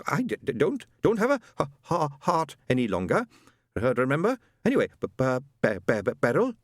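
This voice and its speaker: A man's voice: mid-range voice, wildly swooping pitch, dry recording, clean studio sound, voice pushed up. A man voicing the ghost of a husband who stammers badly and halts over every word. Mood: halting. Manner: heavy stammer, halting. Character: stammering dead husband speaking through a medium.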